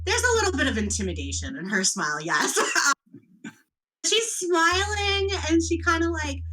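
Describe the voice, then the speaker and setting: Bright-voiced, giggly woman game master. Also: very high-pitched, very animated, normal speed, rough recording. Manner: giggly, loose and chatty. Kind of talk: narrating a tabletop horror game.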